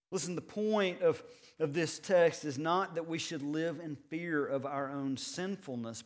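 A male pastor delivering a sermon in a fairly high voice. He speaks slowly and deliberately, leaning on repetition and rhetorical questions to drive each point home. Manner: earnest, measured preaching with rhetorical questions.

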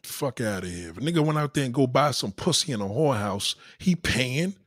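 Male, husky and animated, blunt profane ranter, dry close sound. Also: medium pitch, brisk, no room sound. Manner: acts out quoted people in varied voices. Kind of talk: casual opinion rant.

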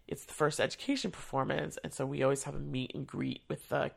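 Very gravelly, husky storyteller voice. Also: medium pitch, flat delivery, quick pace. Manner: casual, chatty, lots of fillers, acts out quotes. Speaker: theater education staff member. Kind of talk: personal storytelling.

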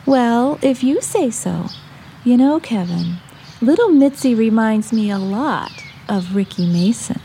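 A middle-aged woman playing a caring, patient mother who gently teaches her son, in a radio drama. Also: fairly high pitch, lively intonation, a little slow, a little hiss or hum.

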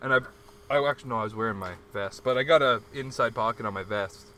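A young man in casual chat, swearing freely as he tells a rowdy story and loudly acts out the arguments in it. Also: medium pitch, fast, a little hiss or hum. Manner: acts out quarrels in a loud shouting voice.

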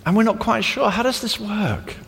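A man's voice: high-pitched, normal speed, creaky. A man preaching a sermon, telling stories and acting out the people he quotes. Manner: animated storytelling, acting out quoted voices. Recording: long hall reverb.

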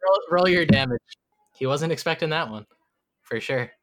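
A game master narrating a tabletop game in a halting, amused way with many fillers. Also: medium pitch, expressive.

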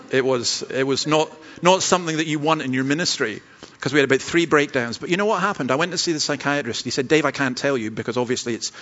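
A Scottish man delivers a sermon as a pastor, earnest and self-deprecating, sometimes tripping over his words as he restarts. His voice sits in an ordinary middle pitch. The recording is dull and slightly lo-fi. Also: a bit bright. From Scotland.

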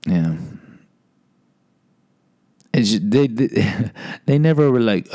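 A man's voice: lowish voice, slow, long pauses, dark tone. A man hosting a podcast, telling a personal story in a candid, self-deprecating monologue with frequent restarts. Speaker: podcast host.

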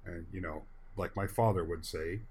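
A man's voice: sits low, normal speed, darkish tone, slightly rough. A man in a casual discussion, speaking in an earnest, folksy and rambling way.

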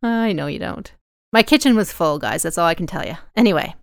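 Smooth low-voiced female co-host. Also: expressive, brisk, dry recording, studio quality. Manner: chatty, laughs easily. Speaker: podcast co-host and panel moderator. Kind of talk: casual recap chat.

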